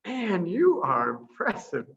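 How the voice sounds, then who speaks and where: A middle-aged man, a priest, chatting casually over a video call and patiently teaching a short phrase, slowing down to spell out each sound. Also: high voice, huge pitch swings, vocal fry, dull audio. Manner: warm, chatty, laughs easily, slows down to spell out sounds. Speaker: priest and missionary guest.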